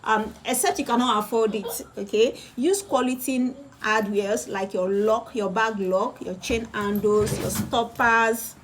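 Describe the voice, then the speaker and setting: A woman's voice: fairly high pitch, steady tone, measured pace, few pauses, a little hiss or hum. Chatty woman teaching bag making. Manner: chatty, repeats phrases for emphasis. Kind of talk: live-streamed sewing tutorial and course pitch. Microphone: phone or camera on a live video.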